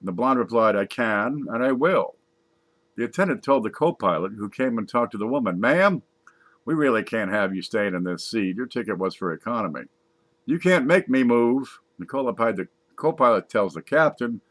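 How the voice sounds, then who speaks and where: A man's voice: fairly low pitch, animated, a little fast, fairly bright tone, no room sound. A man casually reading jokes aloud, laughing at his own punchlines and adding wry asides. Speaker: comedy joke reader.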